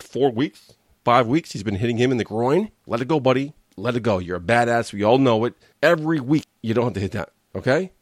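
A man's voice: medium pitch, dry recording, studio quality. A man hosting a wrestling recap show, giving a blunt, sarcastic and exasperated opinion rant in a casual way. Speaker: wrestling commentary host.

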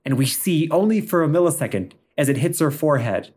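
An animated male host spinning an improvised comedic tale with theatrical flair. He laughs often and pushes the scene along with energy. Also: on the high side, fairly quick. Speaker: podcast host.

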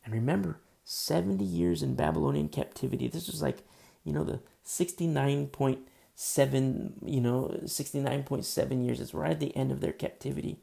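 A man's voice: mid-range voice, animated, normal speed, vocal fry, mellow. A man preaching a casual, conversational sermon, full of fillers and acted-out quotes. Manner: conversational, many fillers, acts out quoted voices. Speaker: pastor.

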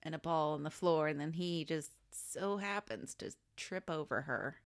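A woman co-hosting a movie podcast, with a fairly low voice. She chats casually and chimes in with dry, wry quips about the plot. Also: normal speed. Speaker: podcast co-host. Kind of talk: casual movie recap chat.

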